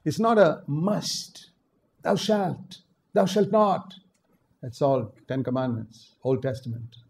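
An older male preacher from India delivers a sermon with a mellow, warm tone that sits a little high for a man. He drops to quiet asides, then rises into loud, emphatic exhortation. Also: lively intonation, slow pace, gravelly, breathy edge.

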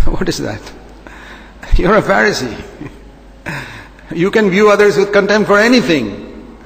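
Pastor, male, slightly high voice, emphatic sermon delivery, long hall echo. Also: big pitch swings, unhurried, gravelly, fairly bright tone, slight background noise. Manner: emphatic, repetitive preaching with rhetorical questions.

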